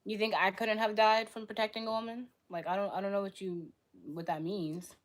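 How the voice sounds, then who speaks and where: A young woman hosting a live stream, arguing bluntly with her chat in rapid-fire retorts. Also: mid-range voice, little pitch movement. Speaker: livestream host.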